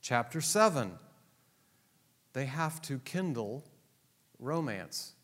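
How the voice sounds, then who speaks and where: A man's voice: mid-range voice, big pitch swings, takes it slowly, a bit bright. A man teaching a Bible class to a live audience, joking and teasing his listeners as he explains the text. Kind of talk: classroom lecture. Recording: long hall reverb.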